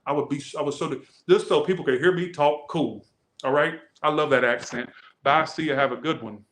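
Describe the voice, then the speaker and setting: A man with a Southern US accent giving a casual tarot reading, animated, blunt and joking. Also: a little high, fairly quick, echoey room. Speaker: tarot reader.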